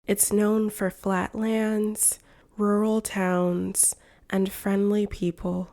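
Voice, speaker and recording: A woman from the United States, an English teacher reading a shadowing lesson in slow, carefully separated phrases. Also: medium pitch, little pitch movement, warm tone. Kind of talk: slow shadowing practice narration.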